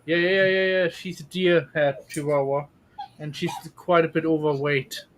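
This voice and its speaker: A man's voice: a little high, steady tone, normal speed. A man chatting playfully on a casual podcast, teasing and joking.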